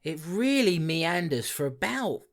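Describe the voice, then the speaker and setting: On a horror movie podcast, this co-host has a slightly high, sing-song voice and an unhurried delivery. He reviews films in a relaxed, chatty way, full of teasing and sarcasm.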